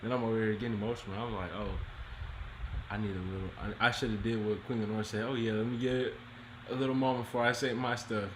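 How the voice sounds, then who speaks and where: A man's voice: medium pitch, flat delivery, racing. A man co-hosting a casual chat show, talking in loose restarts and laughing often. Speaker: co-host. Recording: roomy with clear background noise.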